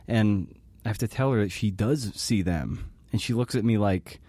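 A man speaks in a somewhat low register, hosting his own podcast. His delivery is halting and emotional, full of restarts. The sound is dry, with no room echo. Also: dark tone. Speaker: podcast host. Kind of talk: personal monologue.

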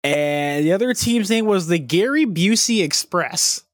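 A young man co-hosting a podcast tells a long, rambling story, swearing freely and getting worked up as he goes. His voice is high-pitched and a little slow, and his storytelling is animated and profane. The recording is dry and studio quality.

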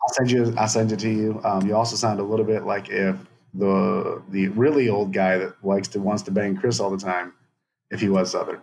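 A man's voice: lowish voice, level tone, normal speed, vocal fry, darkish tone, a little hiss or hum. A man co-hosting a casual podcast, crude and blunt, laughing often. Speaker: podcast co-host. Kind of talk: casual chat.

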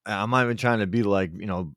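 A man's voice: on the low side, fast, a bit bright, dry recording, studio quality. A man hosting a casual podcast, talking bluntly with lots of swearing and laughter. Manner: blunt, profane, laughs often.

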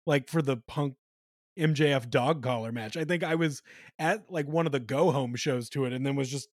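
A man's voice: medium pitch, normal speed, no room sound, studio quality. A man co-hosting a podcast, telling stories in a wry, rambling, casual way. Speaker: podcast co-host. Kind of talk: casual chat.

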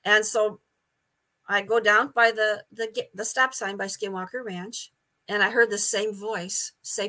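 An older woman appears as a psychic medium guest in a casual interview, telling stories in a medium-pitched, sharp voice. She's chatty, laughs a lot, and stumbles over repeated words.

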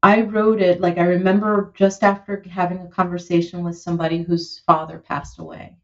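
A woman in her thirties, a musician being interviewed, talking in an animated, heartfelt way with lots of "like" and "you know". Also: lowish voice, a little fast, muffled recording. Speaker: musician and producer, guest. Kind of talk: conversational interview.

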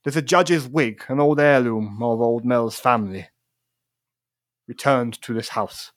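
A man's voice: mid-range voice, unhurried, no echo, clean studio sound. A man running a tabletop game as game master, polite and a bit rambling.

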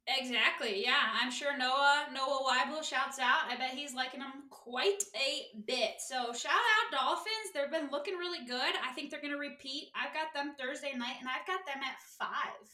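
High bright young woman in a roomy echo. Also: moderate pace, few pauses. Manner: upbeat, chatty, uses fillers like "like". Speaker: podcast co-host. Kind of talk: casual sports chat.

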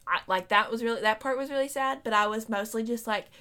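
A woman's voice: a little high, quick pace, sharp tone, smooth. Chatty woman hosting a book podcast. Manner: laughs often, reads passages aloud. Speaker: podcast host. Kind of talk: casual book chat.

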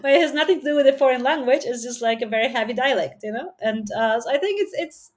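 A woman's voice: high-pitched, fast talker. A woman from Sweden in casual conversation, rambling and tucking "you know" into her sentences. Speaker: discussion participant.

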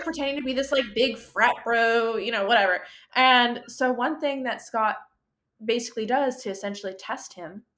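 A woman's voice: medium pitch, sharp tone. A woman co-hosting a podcast in casual book chat. She gushes and leans on fillers. Her voice sits in a middle register. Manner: gushing, lots of "like". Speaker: podcast co-host.

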